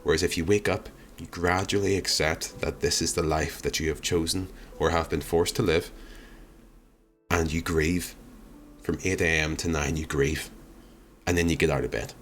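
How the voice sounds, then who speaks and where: A man's voice: deep voice, steady tone, brisk, few pauses, fairly bright tone, a little hiss or hum. A young man chatting casually on a live stream, answering viewer comments in a rambling, wry, self-deprecating way. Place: home streaming room.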